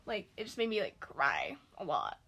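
A woman's voice: deep voice, wildly swooping pitch, normal speed, fairly bright tone. A teenage girl hosting a casual book review chat, talking freely with many likes and fillers. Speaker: book club host.

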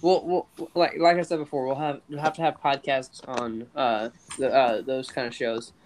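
A young man co-hosting a casual podcast chat, talking haltingly with many restarts and stammers. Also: medium pitch, steady tone, slight background noise. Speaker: podcast co-host.

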